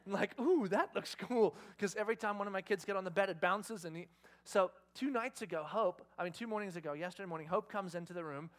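A man with a high voice preaches a sermon as pastor. He tells a story with lots of animation, putting on the voices of his family. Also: quick pace, fairly bright tone.

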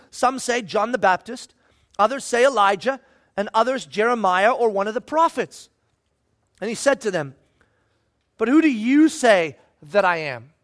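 A man preaching a sermon in an animated way, acting out voices and shouting at times for emphasis. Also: very high-pitched.

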